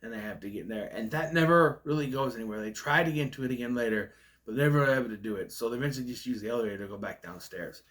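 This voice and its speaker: Male film reviewer with a stutter, ranty and nitpicky, mid-pitched, casual vlog delivery. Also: rapid-fire, a bit bright. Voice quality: stutters, stalls on words. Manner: ranting, nitpicky. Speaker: movie reviewer.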